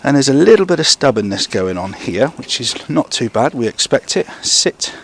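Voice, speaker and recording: A man's voice: mid-range voice, very animated, fairly quick, a little hiss or hum. A man training a young gundog outdoors, explaining to camera between short bursts of praise and commands to the dog.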